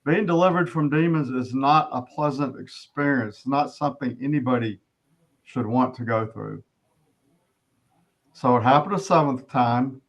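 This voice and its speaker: A middle-aged man giving an earnest personal testimony as an interview guest, often halting and restarting his sentences. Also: mid-range voice.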